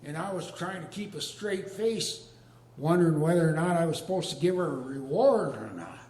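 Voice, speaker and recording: An older man telling a comic story on stage in a folksy, deadpan drawl. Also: on the high side, moderate pace. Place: arts venue stage with a live audience. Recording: echoey hall with long reverb.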